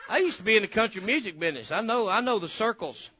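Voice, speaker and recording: Folksy preacher, animated, loud then hushed, piercingly bright tone. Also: male voice, high voice, fast talker, husky, lo-fi sound. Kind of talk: sermon.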